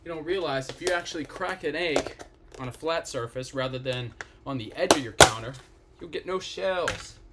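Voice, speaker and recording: Cooking live from his own kitchen, this Pittsburgh-area man chats straight to his viewers and curses casually along the way. He has a slightly high voice at a normal pace, and the audio is very noisy.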